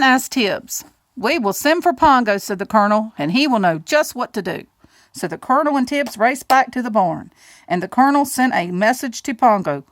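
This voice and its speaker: Animated woman reading a picture book. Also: on the high side, normal speed, no echo. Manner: animated, doing character voices and adding asides to listeners. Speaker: storybook reader.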